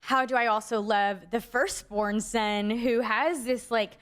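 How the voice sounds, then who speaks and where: A woman's voice: fairly high pitch, steady tone, measured pace, fairly bright tone, clear, resonant tone. A young adult woman co-hosting a faith podcast, telling a story in a rambling casual way, full of "like" fillers. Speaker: podcast co-host.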